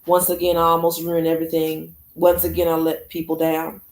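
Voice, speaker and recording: Low-voiced woman reading a novel aloud. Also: monotone, a little fast. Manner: casual, chatty, says "y'all". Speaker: podcast host. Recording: echoey room.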